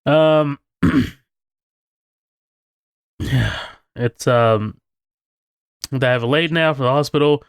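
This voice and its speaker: A man's voice: medium pitch, slow, pauses often, clear, resonant tone, no echo, clean studio sound. A man co-hosting a podcast, chatting casually about a movie, swearing freely and laughing often. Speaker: podcast co-host.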